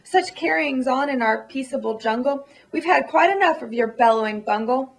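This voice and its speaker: A woman's voice: high voice, normal speed, far from the mic. A woman reading the part of a sour, scornful female kangaroo with a mocking manner.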